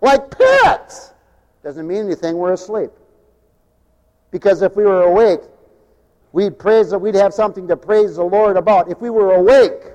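A man preaching a sermon in an animated way, swinging from loud bursts to low mumbles. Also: moderate pace, pauses often, big-room sound.

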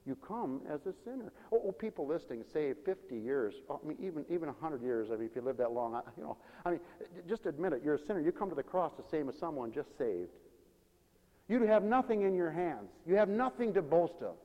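A man preaching a sermon as pastor, swinging between quiet asides and loud, high exclamations, often laughing between points. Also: very animated, a little fast, big-room sound, highs cut off.

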